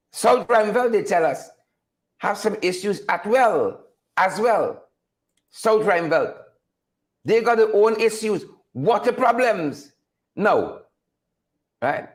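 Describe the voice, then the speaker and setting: A Guyanese man hosts a political commentary show. His voice sits high and he takes his time, repeating words and firing rhetorical questions at his viewers. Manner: emphatic, repetitive, rhetorical questions; reads out viewer names. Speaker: host.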